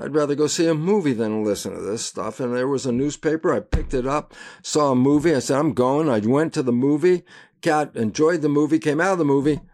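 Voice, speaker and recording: An older man, a guest in an interview, telling lively anecdotes and acting out the voices in them. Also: medium pitch. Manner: animated storyteller who acts out voices and laughs at his own anecdotes. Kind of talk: casual interview storytelling.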